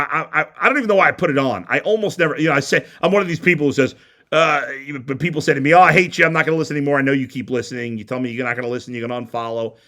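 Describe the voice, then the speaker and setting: Heated, animated sports talk man. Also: fairly high pitch. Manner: blunt and heated, stumbling restarts. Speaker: sports talk show host. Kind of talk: opinionated sports radio rant.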